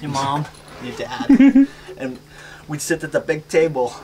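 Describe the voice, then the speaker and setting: Halting deadpan male comedian. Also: fairly high pitch. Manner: halting, awkward deadpan with restarts. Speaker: stand-up comedian. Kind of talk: live stand-up set. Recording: loud noisy live recording.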